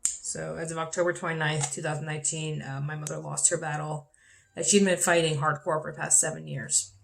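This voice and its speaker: A young woman tells a personal story on her vlog in a deep, level, fairly bright voice that's brisk and creaky, with slight background noise. She's candid, swears freely, and her voice climbs when she gets upset; her mouth sounds dry.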